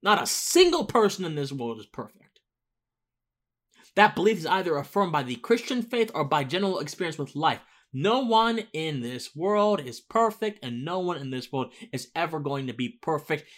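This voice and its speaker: A man's voice: on the high side, very animated, moderate pace, a bit bright. A man hosting a casual political monologue, rambling with restarts and rising into emphatic outbursts. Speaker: political commentary host.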